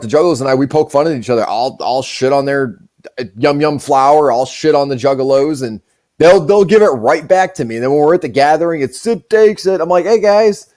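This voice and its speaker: A man's voice: on the high side, darkish tone. Profane, rambling male podcast host. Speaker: show host. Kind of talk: casual podcast chat.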